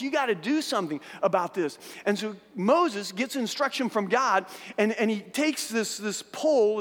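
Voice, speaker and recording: A man with a very high voice preaching in a church hall, his words trailing into a long reverb. He tells a Bible story in an animated way, restarting and repeating words as he goes. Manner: animated storytelling, acting out voices of biblical figures. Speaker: pastor. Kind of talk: sermon.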